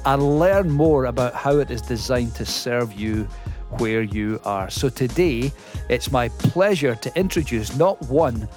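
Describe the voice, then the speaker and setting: A man's voice: mid-range voice, a little mellow. A man hosting a podcast, chatting with guests in a friendly, lightly humorous way. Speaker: podcast host. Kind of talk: casual interview chat.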